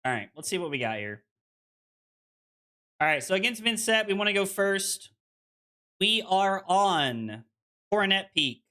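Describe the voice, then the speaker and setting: Streaming a card game, this man speaks in a high, sing-song voice at a measured pace, pausing often, his tone bright and forceful. He's chatty with viewers, reading out their messages and leaning heavily on "like" as filler.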